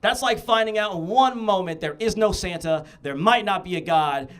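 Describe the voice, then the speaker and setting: A young man performing a stand-up comedy set on a club stage, telling stories in an animated way with punchy asides. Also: high voice, normal speed, clean tone. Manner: animated storytelling with punchy asides and frequent "you know what I'm saying".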